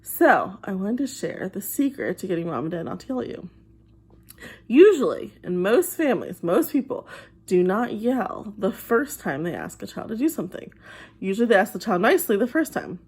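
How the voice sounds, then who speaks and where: A woman speaks in a mid-range voice, gentle and patient, as if explaining something simple to a child. She sounds like a therapist giving advice straight to the camera. Now and then she slips into quick impressions of a parent's voice. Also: medium pitch, big pitch swings. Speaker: behavioral therapist.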